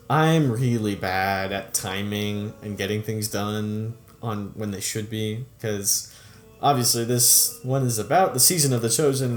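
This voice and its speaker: A young man casually commenting on his old videos, chatty and upbeat, laughing often and trailing off. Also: lowish voice. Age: young adult. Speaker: YouTube creator reviewing his own videos.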